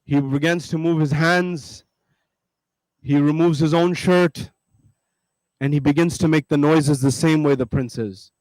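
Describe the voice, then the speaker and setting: High-voiced male preacher telling a story. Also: steady tone, unhurried, long pauses, a little mellow, no echo, poor audio. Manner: emphatic, repetitive, addresses listeners directly. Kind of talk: storytelling sermon.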